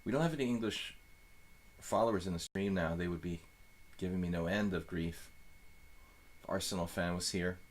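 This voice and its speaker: A man's voice: low-pitched, moderate pace. A man giving live chess commentary as a streamer, thinking aloud in a loose, rambling way full of fillers and restarts.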